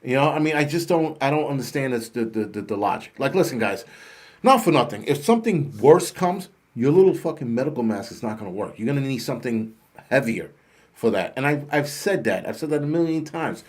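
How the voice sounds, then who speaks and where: Here a middle-aged channel host, medium-pitched, expressive and brisk, launches into a ranting monologue to camera. The storytelling is blunt, heated and full of profanity.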